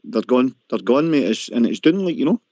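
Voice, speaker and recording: A man's voice: medium pitch, big pitch swings, a little fast, dark tone, no echo. A man with a Scottish accent calling a radio phone-in, chatting casually and calling everyone mate. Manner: chatty, keeps saying mate. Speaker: caller. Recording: muffled phone-in audio.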